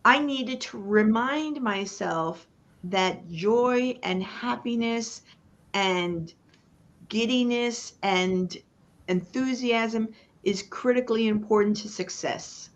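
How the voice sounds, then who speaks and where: A woman business coach speaking as a guest on a live online panel, giving a motivational talk with emphatic, chant-like repetition and dramatic pauses. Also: fairly high pitch, lo-fi sound.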